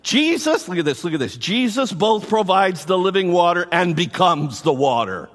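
Enthusiastic male pastor, sermon delivery, high voice, swooping intonation. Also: normal speed. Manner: enthusiastic, animated, repeats himself for emphasis. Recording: long reverb from the hall.

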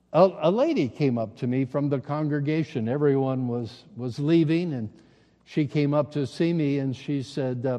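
A man preaching a sermon as a pastor, telling stories in a halting, conversational way with repeated words. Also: fairly high pitch, mellow, big-room sound. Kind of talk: sermon storytelling.

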